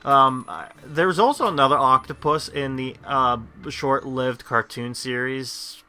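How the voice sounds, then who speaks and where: A gameplay host rambles through his commentary in a casual gameplay video, with lots of fillers and restarts. His voice is medium-pitched, bright, forceful, and clean, and he takes his time.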